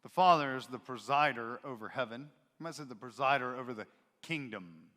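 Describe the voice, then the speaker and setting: A male pastor preaching a sermon in a church, expressive and emphatic, switching into voices to act out quotes. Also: medium pitch, a little fast. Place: church sanctuary. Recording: reverberant church sanctuary.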